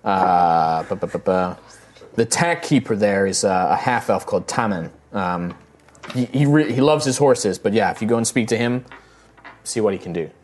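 A man narrating as game master of a tabletop game, loose and halting, with many fillers. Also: on the low side, darkish tone, slight background noise.

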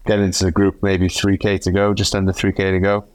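A male professional cyclist telling a race story in a chatty, animated way on a podcast. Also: low-pitched, fairly quick, no room sound. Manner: animated, chatty, acts out quotes. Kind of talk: casual storytelling chat.

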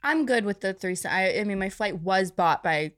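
A woman's voice: medium pitch, expressive, normal speed, a bit bright. A young woman co-hosting a podcast in casual chat, rambling with many fillers and teasing. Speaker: podcast co-host.

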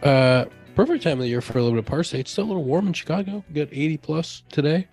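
A man's voice: on the high side, lively intonation, fast, darkish tone, soft background music. A young man hosting a casual podcast, talking over a baseball season in a downbeat, reflective way. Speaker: podcast host and baseball player. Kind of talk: casual chat.

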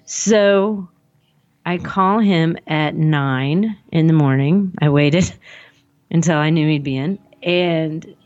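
Low-voiced woman telling a rambling story. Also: slow, a little mellow, dull audio. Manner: rambling, acts out the dialogue, frequent "like". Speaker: guest telling a personal story. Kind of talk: conversational storytelling.

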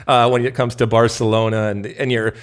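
A man's voice: mid-range voice, flat delivery, fairly quick. A middle-aged man from the United States hosting a soccer podcast, with an emphatic, playful showman delivery. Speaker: podcast host. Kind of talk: casual soccer podcast chat.

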